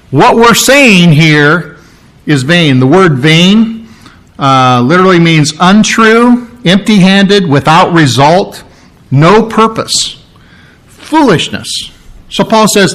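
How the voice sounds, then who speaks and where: Emphatic male preacher, slightly high voice. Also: lively intonation, slow pace, fairly bright tone. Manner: emphatic, repeats key words, varies pace widely. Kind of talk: expository sermon.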